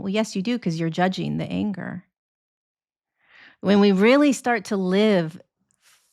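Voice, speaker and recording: Low-voiced woman, animated podcast guest. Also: gravelly. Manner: animated, acts out quoted voices, laughs often, many restarts. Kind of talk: casual interview talk.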